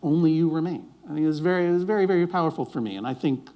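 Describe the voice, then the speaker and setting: A man's voice: on the high side, rapid-fire, mellow. A man speaking on stage before a live audience, wry and rambling, often restarting his sentences. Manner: rambling, self-interrupting, wry jokes.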